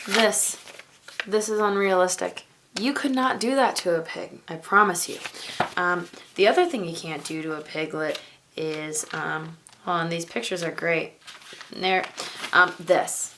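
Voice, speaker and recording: A woman's voice: on the low side, noisy background. A woman talks through a book in a casual vlog review. She is chatty and wanders into side comments. Her delivery keeps a dry, wry edge throughout. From rural farm upbringing. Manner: chatty, digressive, wry asides.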